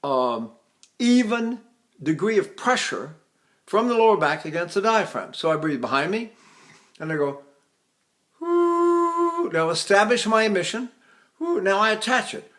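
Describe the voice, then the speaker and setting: An older man, a voice teacher, explaining singing technique with halting restarts and sung demonstrations. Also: high-pitched, very animated, a bit bright.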